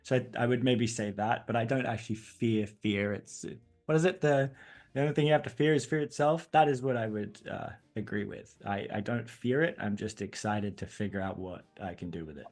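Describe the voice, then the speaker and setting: Gravelly, animated man with laughs. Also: on the low side, a little fast. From England. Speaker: guest. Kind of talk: casual interview chat.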